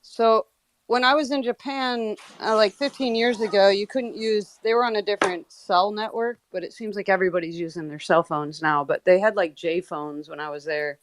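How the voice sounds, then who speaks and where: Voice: mid-range voice, steady tone, moderate pace. A friendly speaker asking the hosts questions in a casual live chat.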